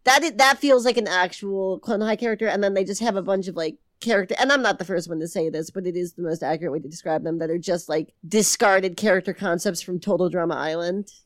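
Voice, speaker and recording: A woman's voice: fairly low pitch, quick pace, hardly any pauses, dry recording. A woman co-hosting a comedy podcast while feeling sick, rambling and swearing in casual banter. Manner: rambling, self-deprecating, swearing. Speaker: podcast co-host, debate moderator.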